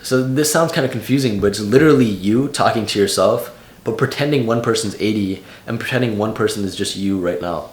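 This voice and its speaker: A man's voice: lowish voice, brisk, echoey room. A young man in his late teens giving casual vlog advice in a loose, slangy way full of "like". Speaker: vlogger.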